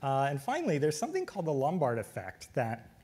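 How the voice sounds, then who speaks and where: A man's voice: a little high, fast talker, husky. Man giving a technical lecture. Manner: relaxed with frequent fillers and brief laughs.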